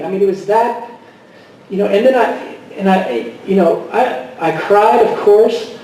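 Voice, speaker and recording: A middle-aged man gives a personal testimony in a halting way, full of fillers and self-quotes. His voice sits high yet sounds dark and mellow. He is recorded from far off in a very echoey hall with faint ambient noise. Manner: halting, with many fillers and restarts, quoting himself. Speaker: guest speaker.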